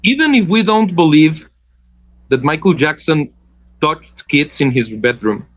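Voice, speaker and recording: A man co-hosting a casual podcast discussion, explaining his points in a measured way. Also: on the high side, expressive, dull audio. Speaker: podcast co-host. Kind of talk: casual chat.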